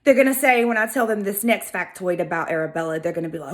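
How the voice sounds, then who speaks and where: A woman with a Southern US accent hosting a video, telling a history story in a casual, animated, sassy way. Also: mid-range voice, quick pace, hardly any pauses. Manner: animated, chatty, sassy asides. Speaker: video host.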